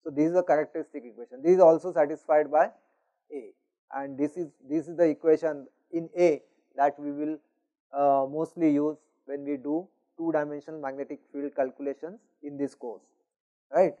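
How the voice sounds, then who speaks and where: Brief: man lecturing, mellow fairly high voice, lo-fi classroom recording. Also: steady tone, moderate pace. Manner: explanatory, frequent "you know" and "is it not?". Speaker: university lecturer.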